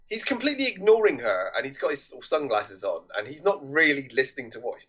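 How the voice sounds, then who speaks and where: A man's voice: medium pitch, very animated, fast talker, a bit bright, slightly rough, highs cut off. A man co-hosting a podcast who chimes in to agree and adds half-remembered details about a film scene. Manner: frequent agreeing interjections, hedging recall. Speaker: podcast co-host. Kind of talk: casual film discussion.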